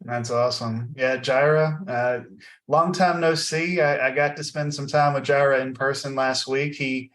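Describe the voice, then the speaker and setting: A man hosting a tech podcast in a casual, friendly way, often pausing with fillers. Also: medium pitch, steady tone, a bit bright. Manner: friendly, halting, many fillers. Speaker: podcast host.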